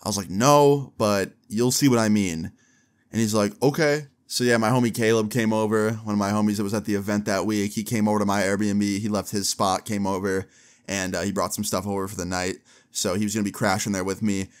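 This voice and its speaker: A young man telling a story to camera in a casual, animated way, with slang and swearing, acting out what other people said. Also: on the low side, a little fast. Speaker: storyteller vlogger.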